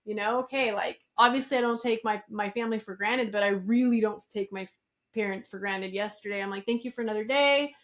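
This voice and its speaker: A woman's voice: mid-range voice, brisk. A middle-aged woman co-hosting a podcast in casual chat, candid and swearing freely. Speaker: podcast co-host.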